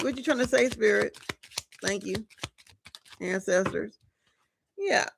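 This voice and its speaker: Slow, gravelly-voiced woman tarot reader. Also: a little high, sharp tone. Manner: casual, slangy, addresses viewers directly; chatty with frequent filler asides. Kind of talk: live collective tarot reading.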